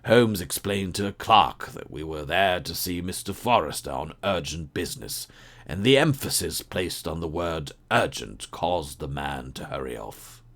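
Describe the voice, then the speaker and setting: A man narrating an audiobook story in a measured, even way. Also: deep voice.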